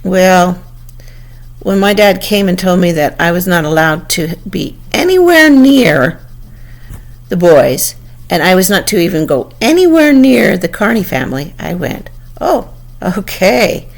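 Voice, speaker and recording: A woman's voice: lowish voice, very animated, measured pace, creaky. An older woman telling a personal memory in a conversational way, often restarting and quoting dialogue. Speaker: storyteller. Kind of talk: personal storytelling.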